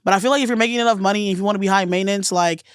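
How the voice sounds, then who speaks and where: A woman's voice: mid-range voice, very fast, clear, resonant tone, no echo, clean studio sound. A woman guest co-hosting a podcast, chatting casually, laughing and swearing through rambling opinions. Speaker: guest co-host.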